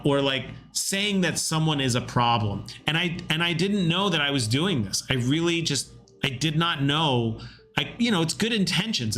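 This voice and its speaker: A man in his thirties streaming a game devlog, rambling casually with lots of fillers and getting animated when he quotes people. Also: a little high. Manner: rambling, self-deprecating, with many fillers. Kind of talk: casual livestream chat.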